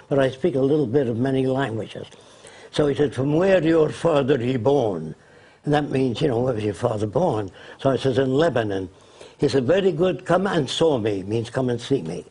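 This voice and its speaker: Older man with a husky voice. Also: medium pitch, darkish tone, low-quality recording. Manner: storytelling, anecdotal. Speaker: interview guest. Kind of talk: conversational interview.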